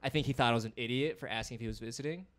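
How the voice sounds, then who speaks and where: A man co-hosting a casual podcast as a stand-up comic, chatting rapidly and filling his talk with "like". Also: medium pitch, fairly bright tone.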